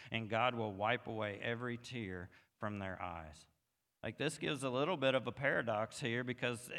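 Pastor preaching in a reverberant hall. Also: male voice, medium pitch, moderate pace. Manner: builds from quiet reflection to emphatic, rising passages. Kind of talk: sermon.

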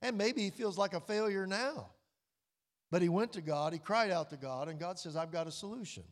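A man preaching a sermon in a church hall, his slightly high voice carrying a long reverb. He talks in a folksy, storytelling way, sinking into quiet, drawn-out emphasis on key lines. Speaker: pastor.

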